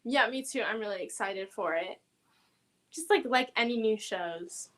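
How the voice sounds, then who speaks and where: Bubbly young woman with a high, bright voice. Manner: eager, chatty, quick to agree. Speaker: co-host. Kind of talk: casual chat about theater news.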